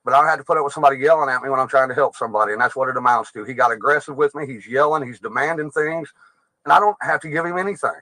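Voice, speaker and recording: A man's voice: medium pitch, very fast, sharp tone, no echo, low-quality recording. A man from Illinois arguing indignantly with a police officer outdoors, insisting he did nothing wrong. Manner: argumentative, indignant. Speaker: bystander questioned by police.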